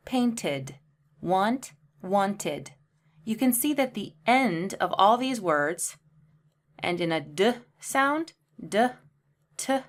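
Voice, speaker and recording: A woman hosting her own English lesson channel, walking through pronunciation rules at a slow, unhurried pace. She says each example word on its own and repeats it with careful, deliberate enunciation. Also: medium pitch. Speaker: English teacher.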